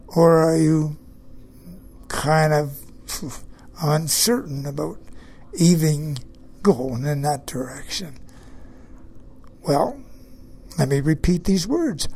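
A man's voice: a little high, a little mellow, breathy edge. A man preaching a sermon, emphatic, repeating key phrases and putting questions to his listeners.

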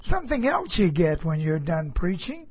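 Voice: mid-range voice, very animated, moderate pace, husky, dull audio. A preacher delivering a sermon as a personal story, speaking emphatically and repeating phrases for stress.

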